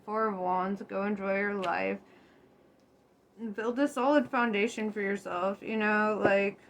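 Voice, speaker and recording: A woman's voice: medium pitch, fairly even intonation, measured pace. Laughing, swearing young woman reading tarot. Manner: laughs often, swears freely, loose and chatty. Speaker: tarot reader. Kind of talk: casual tarot reading to viewers. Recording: faint background noise.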